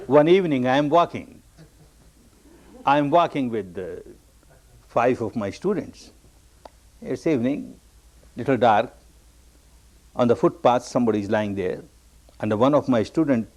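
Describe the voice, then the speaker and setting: Expressive male meditation teacher, repeating phrases. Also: mid-range voice. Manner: repeats key phrases for emphasis; acts out the people he quotes. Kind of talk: meditation discourse with teaching stories.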